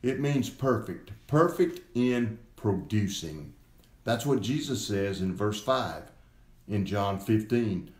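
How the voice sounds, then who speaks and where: Slow emphatic male pastor, echoey room. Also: lowish voice, big pitch swings, darkish tone. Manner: slow and emphatic, repeating key words. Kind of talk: sermon.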